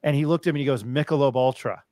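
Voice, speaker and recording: A man's voice: a little high, steady tone, racing, darkish tone, no echo. A man from New Mexico hosting a podcast, telling stories casually with many fillers and restarts. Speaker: podcast host. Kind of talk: casual chat.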